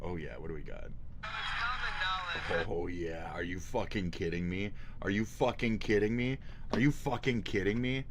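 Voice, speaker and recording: A man streaming live, giving casual reaction commentary in a mocking, profane and excitable way. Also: low voice, moderate pace, heavy background noise.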